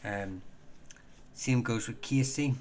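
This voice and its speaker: There's a little hiss or hum as a man with a medium-pitched voice hosts a casual live stream. He works through viewer questions haltingly, full of ums and restarts, in a chatty, self-deprecating manner.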